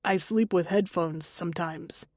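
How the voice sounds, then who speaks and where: A sleepy young man answers in a quiet, steady tone, a touch lower than the narration around him, as a woman narrator voices him. The audiobook recording is close and dry. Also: a little slow, dry recording. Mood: calm.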